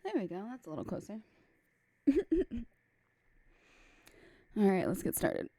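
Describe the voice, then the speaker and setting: A woman's voice: mid-range voice, expressive, unhurried, mellow. A young adult woman streamer giving casual let's-play commentary, chatty and reading game text aloud.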